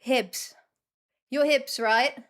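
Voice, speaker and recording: Lady streaming a game, chatty, talks kinda slow and high. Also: fairly even intonation. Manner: chatty, reacts aloud to the game. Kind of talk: casual chat while streaming a game.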